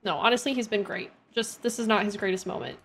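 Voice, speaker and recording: A woman's voice: mid-range voice, steady tone, fast, fairly bright tone. A young woman chatting casually as she plays a game on stream, talking to her characters and her viewers. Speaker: gaming streamer. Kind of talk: casual gameplay chat.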